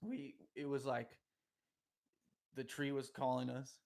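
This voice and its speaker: A young man spins a long, meandering story on a podcast, full of slang and loose asides. His voice sits at an ordinary middle pitch. He laughs easily as he talks. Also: level tone, slow pace, creaky, a little mellow. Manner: rambling, slangy, laughs often mid-story.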